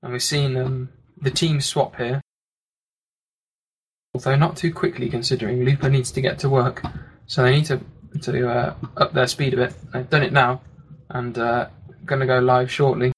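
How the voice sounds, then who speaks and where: A man commentating a live online game match, talking quickly with lots of fillers. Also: mid-range voice, flat delivery, breathy edge. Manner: rapid play-by-play with frequent fillers. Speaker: esports commentator.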